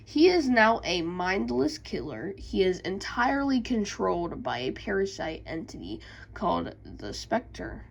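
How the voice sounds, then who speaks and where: A woman YouTuber reading game lore aloud with casual asides, halting and stumbling over words. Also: medium pitch, very animated, vocal fry, slightly rough, poor audio.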